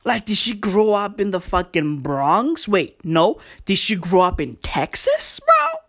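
A woman's voice: medium pitch, sing-song, measured pace. A woman hosting a casual comedy chat, loose and profane, full of slang and rambling asides.

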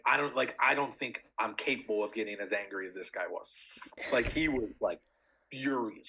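A man's voice: medium pitch, pushed and bright, slightly rough, rough recording. A young man co-hosting a podcast, telling a story in casual chat, swearing a lot with many fillers. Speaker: podcast co-host.

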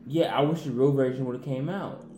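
A young man chats in a laid-back, slangy, offhand way at a middling pitch. His voice rings in a roomy, echoing space, and faint music plays behind him. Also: steady tone, brisk, mellow. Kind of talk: casual chat.

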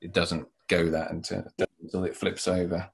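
A man, a children's author, being interviewed and answering in a thoughtful, halting way. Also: low-pitched, flat delivery, vocal fry, husky. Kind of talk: interview conversation.

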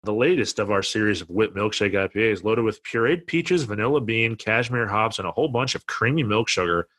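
A man's voice: lowish voice, animated, brisk, fairly bright tone. A man co-hosting a casual beer podcast, reading tasting notes and making wry, sarcastic asides. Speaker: podcast co-host.

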